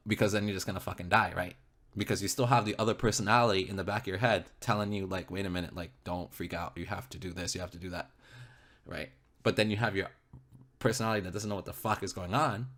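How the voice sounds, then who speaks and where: A man's voice: low-pitched, fairly bright tone. A man telling a personal story to an interviewer, repeating himself, swearing heavily and constantly checking in with "okay?". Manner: repetitive, keeps checking in with "okay?"; emphatic, heavy swearing.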